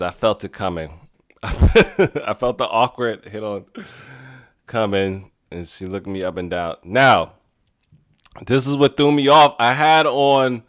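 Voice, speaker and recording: A man's voice: fairly low pitch, fairly bright tone. A man hosting a podcast, telling rambling stories in a casual way and laughing often. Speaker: podcast host. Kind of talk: casual storytelling monologue.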